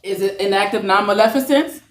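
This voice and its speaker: A woman's voice: medium pitch, a little fast. A woman teaching a nursing class, lecturing and teasing her students in a playful way. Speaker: nursing instructor. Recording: echoey classroom from far off, faint noise.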